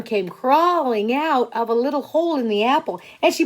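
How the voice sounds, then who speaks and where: A woman teacher telling a silly story to young children in an expressive, animated way, with slow and deliberate speech. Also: high-pitched.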